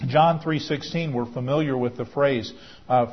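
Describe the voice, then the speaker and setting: Husky-voiced male pastor preaching. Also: mid-range voice, moderate pace. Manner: earnest, explanatory, some restarts. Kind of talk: sermon. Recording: dull lo-fi recording.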